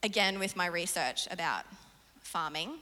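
Young woman preacher, earnest and animated, bright forceful voice, reverberant hall. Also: on the low side, normal speed. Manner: earnest, animated storytelling with laughs. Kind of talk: sermon.

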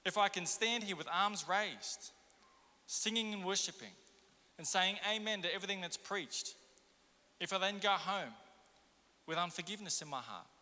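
A man preaching with a high, very bright and cutting voice. He presses the congregation with question after question. The sound carries a long reverb from the church around him. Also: moderate pace, pauses often. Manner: impassioned, rhetorical questions to the congregation. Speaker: pastor. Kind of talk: sermon.

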